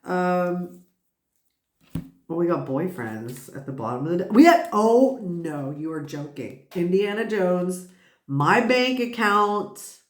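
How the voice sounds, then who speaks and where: A woman's voice: lowish voice, big pitch swings, slow pace, reverberant. A woman giving a casual tarot reading, rambling and swearing, who keeps bursting out laughing. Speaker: tarot reader.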